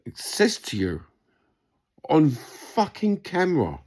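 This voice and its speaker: Gravelly, low-voiced London bloke; angry vlog rant, lots of swearing and repetition. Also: male voice, expressive, measured pace, pauses often, darkish tone. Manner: heated, sweary, repeats himself. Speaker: vlogger responding to a comment.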